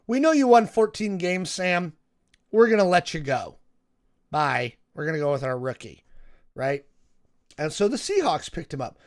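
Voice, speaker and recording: A man co-hosting a casual talk show, telling stories with lots of "right?" tags and fillers. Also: a little high. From Seattle area, United States. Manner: animated storytelling, many fillers and "right?" tags. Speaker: co-host. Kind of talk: casual podcast chat.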